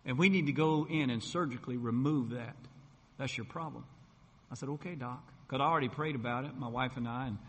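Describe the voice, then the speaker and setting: A man's voice: mid-range voice, fairly quick, fairly bright tone. A middle-aged man, a gospel singer and preacher, telling his personal testimony in a folksy storytelling way. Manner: folksy storytelling, acts out quoted voices. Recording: long hall reverb.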